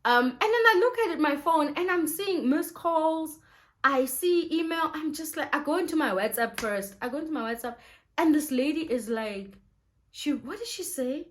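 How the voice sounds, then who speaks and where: A young woman tells her story straight to the camera, her pitch leaping up and down with every turn of it. She talks casually and emotionally, with laughter breaking in often. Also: animated, normal speed. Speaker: vlogger.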